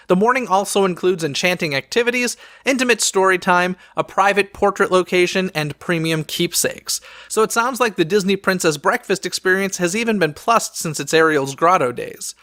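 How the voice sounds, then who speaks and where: Bright, high-voiced man reading park news. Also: no echo, studio quality. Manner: upbeat, reads headlines with sarcastic quips. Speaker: podcast news host. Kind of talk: scripted news roundup with wry asides.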